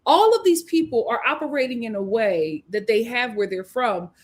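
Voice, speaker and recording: A woman's voice: on the high side, lively intonation, normal speed. Emphatic woman hosting a live recap. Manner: emphatic, opinionated, quotes viewers' comments. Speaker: host. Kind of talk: live show recap and commentary.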